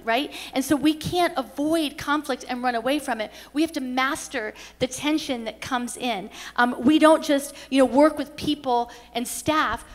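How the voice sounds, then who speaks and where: A middle-aged woman with a high voice gives a conference teaching talk. She tells personal stories earnestly and often restarts her sentences. Her voice carries through a reverberant hall. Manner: earnest storytelling with many restarts. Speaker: pastor and conference speaker.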